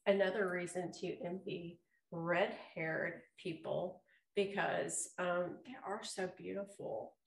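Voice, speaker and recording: A middle-aged woman co-hosting a podcast in casual chat, explaining things slowly and deliberately. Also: on the low side, little pitch movement, creaky. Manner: slow, drawn-out explaining. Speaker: podcast co-host. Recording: echoey room.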